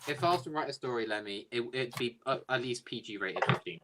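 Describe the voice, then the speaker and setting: A man's voice: medium pitch, animated, fast talker, very noisy. A man casually improvising a jokey story, rambling and swearing freely.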